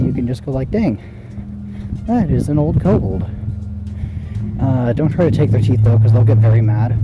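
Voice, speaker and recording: A man's voice: mid-range voice, rough recording. A man walking outdoors and rambling through a silly, meandering improvised monologue as a special guest. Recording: loud music playing over the voice.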